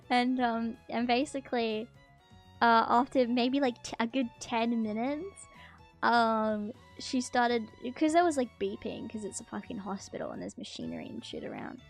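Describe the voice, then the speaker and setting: Woman streamer, casual and blunt storyteller, a slightly high voice with a lot of fry. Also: lively intonation, normal speed, soft background music. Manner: blunt, swearing, many ums and likes.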